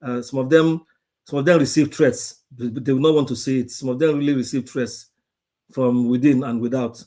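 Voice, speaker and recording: A Nigerian man, a former journalist, speaking on an online panel in a measured way with frequent hesitations. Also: mid-range voice, steady tone, dark tone.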